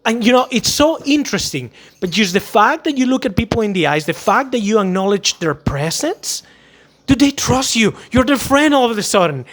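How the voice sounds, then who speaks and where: A man's voice: very high voice, normal speed. A man talking casually and emphatically to camera about customer service, acting out little scenes as he goes. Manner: animated, acts out quotes, emphatic. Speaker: vlogger giving sales advice. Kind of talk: casual advice monologue.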